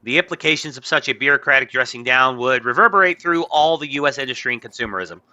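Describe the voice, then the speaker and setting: A man with a very bright, sharp-edged voice talks through a casual political podcast. He is blunt and quick to get worked up, with his pitch climbing as he argues. Between rants he reads news items aloud and stumbles over them. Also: lo-fi sound. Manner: blunt, excitable, rising pitch when worked up. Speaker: podcast co-host.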